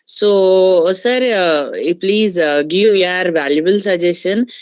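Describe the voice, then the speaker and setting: A woman teacher asking a symposium speaker a question, hesitant and halting, saying "sir" again and again. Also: fairly low pitch.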